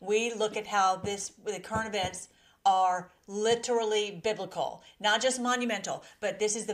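A woman hosting a casual live stream from her laptop, emotional and giggly as she greets her chat. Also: mid-range voice. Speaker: livestream host. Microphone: laptop mic.

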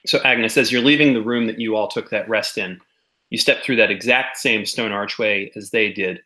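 A man narrating as game master of a tabletop role-playing game, describing scenes slowly with small restarts. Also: on the low side, bright, forceful tone.

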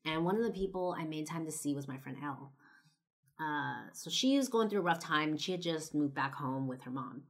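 A young woman from Los Angeles talks straight to camera in a low, deep-set voice. Her delivery is loose and conversational, scattered with "like" and "you know", and she swears bluntly as she tells her story. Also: animated, fairly quick. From Los Angeles, United States. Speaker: vlogger.

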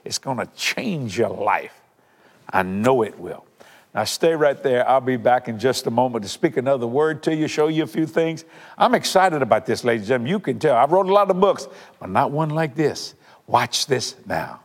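An older man, preaching and praying on a televised sermon, fervent and emphatic, repeating lines for effect and swinging between loud declarations and hushed, earnest asides. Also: mid-range voice, lively intonation, moderate pace, big-room sound, soft background music.

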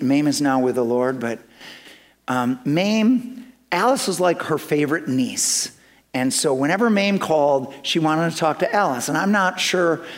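A man with a somewhat raised pitch delivers a sermon in a church. He tells a story in an animated way and slips into the voices of the people in it for comic effect. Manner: animated, acts out dialogue with humor. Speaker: pastor.

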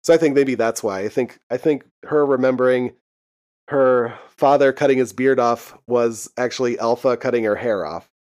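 A man's voice: mid-range voice, normal speed, darkish tone. A young man co-hosting a podcast, casually recapping a TV episode, laughing often and swearing freely. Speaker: podcast co-host. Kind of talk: casual chat recapping a TV show.

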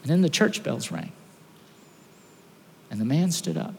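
A pastor preaching a sermon, telling a story with animated outbursts and dropping to a hush before closing in prayer. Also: male voice, a little high, measured pace, vocal fry, in a large hall, a little hiss or hum. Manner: animated storytelling, swings from loud acted outbursts to hushed.

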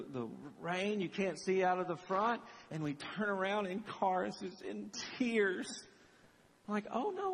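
Pastor, middle-aged man, animated storyteller; husky tone, long church reverb. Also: fairly high pitch. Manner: animated storytelling, acts out dialogue. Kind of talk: sermon.

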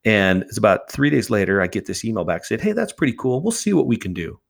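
Guy guesting on a podcast, kinda low voice, tells his story with lots of acted-out back and forth. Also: fast talker, creaky. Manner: animated storyteller acting out quoted exchanges. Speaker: charity founder, guest. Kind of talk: casual storytelling interview.

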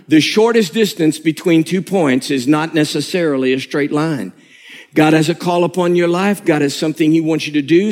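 A man preaching a sermon, telling stories in an animated, humorous way. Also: on the high side.

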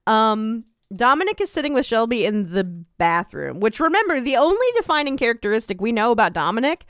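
A woman's voice: fairly high pitch, sing-song, brisk, no echo, clean studio sound. A woman co-hosting a podcast, recapping a show in casual chat with lots of "um" and "like" fillers, acting out quotes. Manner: chatty, many "um" and "like" fillers, acts out quotes. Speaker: podcast co-host.

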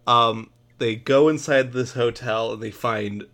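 Male co-host, mid-pitched voice, relaxed and hesitant, casual film chat. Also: measured pace, vocal fry. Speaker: podcast co-host. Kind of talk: casual movie review chat.

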